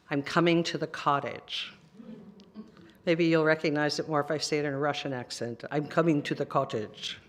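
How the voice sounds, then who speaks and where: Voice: medium pitch, fairly bright tone. Conversational minister preaching a sermon.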